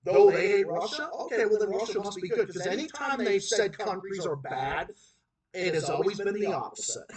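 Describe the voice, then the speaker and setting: Ranting Boston man, far off in a roomy space. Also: sits high. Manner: heated, repetitive, emphatic ranting with many restarts. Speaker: livestream host. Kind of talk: political rant on a livestream. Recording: roomy echo, far from the mic.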